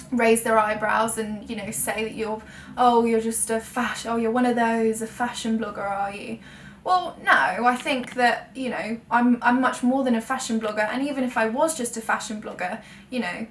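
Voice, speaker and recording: A woman's voice: fairly high pitch, a bit bright. Chatty young woman vlogger. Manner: chatty, self-correcting, laughs at own word slips. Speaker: full-time blogger and vlogger. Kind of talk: frank sit-down chat to camera. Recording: echoey room, mic at a distance, faint ambient noise.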